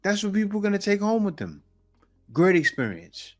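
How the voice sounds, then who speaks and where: A man hosting a commentary video, reacting to clips in an animated, preachy way. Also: high voice. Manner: animated, preachy, slow and emphatic. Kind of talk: casual commentary.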